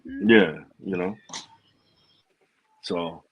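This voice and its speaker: A man in a casual podcast chat, talking in a relaxed, rambling way. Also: deep voice, extremely slow, lo-fi sound, slight background noise. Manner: relaxed, rambling, lots of fillers.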